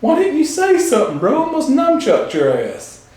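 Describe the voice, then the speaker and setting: A man impersonates a crude, manic grown man who shouts in a strained high register. The voice sits far above the speaker's usual pitch, and a strong room echo follows every yell. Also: wildly swooping pitch, normal speed, exaggerated voice. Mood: hyper. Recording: very echoey room.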